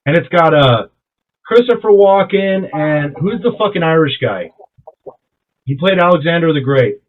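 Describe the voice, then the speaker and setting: A young man in casual podcast chat, excitable and profane, retelling movie scenes with quoted voices. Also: on the high side, moderate pace. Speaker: podcast co-host. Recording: dull lo-fi sound with faint noise.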